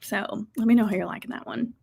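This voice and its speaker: A young woman hosting a casual livestream, reading viewer comments aloud and reacting brightly. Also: fairly high pitch, fairly even intonation, quick pace, gravelly, husky. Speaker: livestream host.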